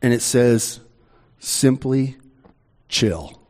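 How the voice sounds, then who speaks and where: A middle-aged man preaching a sermon in a conversational way, with slow, emphatic pauses. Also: medium pitch, animated, a little mellow. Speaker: pastor.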